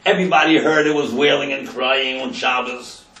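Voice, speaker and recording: A man's voice: medium pitch, steady tone, normal speed, sharp tone, echoey room, distant mic, poor audio. A man, a rabbi, telling a story in a class and translating Hebrew phrases into English with dramatic emphasis.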